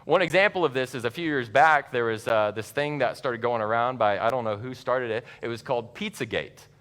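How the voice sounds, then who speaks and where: A man gives a conversational church seminar talk to parents, lively and chatty with asides. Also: mid-range voice, a little fast. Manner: conversational, animated, laughs at his own asides. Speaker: church speaker teaching parents. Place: church sanctuary. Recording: long reverb of a large church hall.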